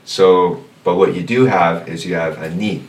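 A man teaching a language class, patiently explaining and slowly repeating words for his students. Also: low voice, fairly even intonation. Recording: echoey room, distant mic, faint noise.

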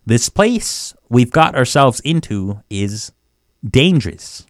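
A man teaching phrases of a language on a radio show, repeating each word slowly and chuckling between examples. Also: medium pitch, sing-song, no room sound, studio quality. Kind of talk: casual language lesson.

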